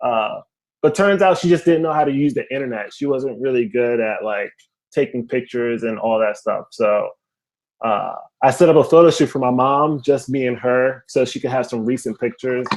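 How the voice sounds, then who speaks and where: A young man doing a stand-up comedy set over a video call, telling animated stories and laughing at his own jokes. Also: medium pitch, normal speed. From family from Haiti.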